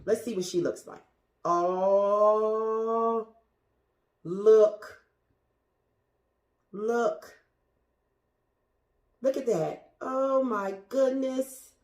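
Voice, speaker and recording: A woman's slightly high, mellow voice with lively intonation moves extremely slowly, with long pauses, as she shows her houseplants on camera. Speaking directly to viewers, this plant vlogger gushes chattily and sometimes whispers, in an echoey indoor space full of plants.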